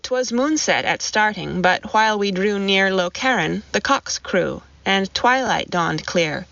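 Woman reciting verse, slow rhythmic delivery, dry close sound, dull lo-fi recording. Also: mid-range voice, expressive, vocal fry, a bit bright, dry recording. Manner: measured rhythmic verse reading. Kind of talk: poetry recitation.

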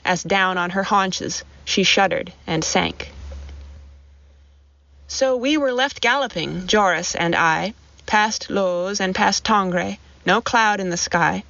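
A woman reciting a narrative poem in a measured, rhythmic way, in a dull lo-fi recording. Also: medium pitch, a bit bright, no echo. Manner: measured rhythmic verse reading. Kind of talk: poetry recitation.

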